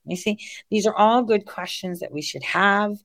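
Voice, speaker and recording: A woman's voice: medium pitch, moderate pace, gravelly, fairly bright tone, no room sound. A woman talking casually to her online audience, blunt and profane, digressing and laughing as she goes. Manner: blunt, swears freely, digresses and laughs mid-rant. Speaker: online political commentator.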